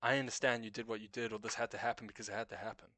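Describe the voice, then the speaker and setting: A man's voice: lowish voice, flat delivery, very fast, pushed and bright, no room sound. A young man with a New Zealand accent, hosting a casual late-night stream chat, swearing freely, laughing often and musing about life. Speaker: stream host.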